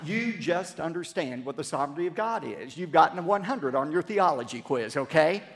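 A man's voice: on the high side, lively intonation, fairly quick, in a large hall, background noise. A man preaching a sermon as pastor, emphatic and leading the congregation in repeated phrases, recorded in a church sanctuary.

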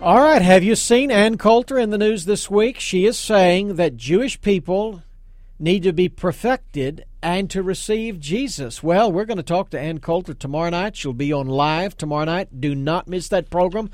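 Brisk emphatic male talk radio host. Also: high-pitched, a little mellow, no echo. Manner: brisk, emphatic, takes calls.

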